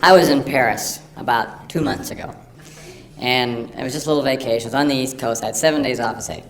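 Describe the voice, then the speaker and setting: A man performing a live stand-up routine, mock-earnest and rambling, with sudden loud silly outbursts. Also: medium pitch, brisk, creaky. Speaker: stand-up comedian. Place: live comedy venue with audience. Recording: echoey live recording from a distance with audience noise.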